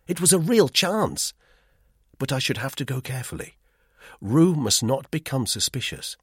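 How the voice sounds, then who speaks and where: Husky male audiobook narrator. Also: medium pitch, dry recording, studio quality. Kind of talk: scripted first-person narration.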